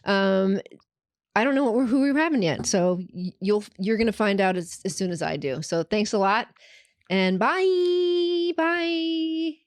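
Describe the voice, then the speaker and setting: A woman's voice: mid-range voice, moderate pace, no room sound, clean studio sound. A woman hosting a podcast in casual chat, giggly and chatty. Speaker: podcast host.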